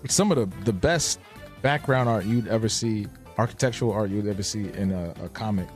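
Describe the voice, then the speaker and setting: Faint music plays behind this live-stream host and artist as he draws on stream, speaking fairly quickly in a fairly low voice. His casual chat is laid-back and slangy, with phrases he keeps repeating.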